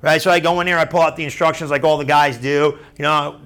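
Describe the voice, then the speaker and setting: A man pastor preaching a sermon through a story, chatty and animated, often asking the crowd "right?". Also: fairly high pitch, fast talker, few pauses, clear, resonant tone.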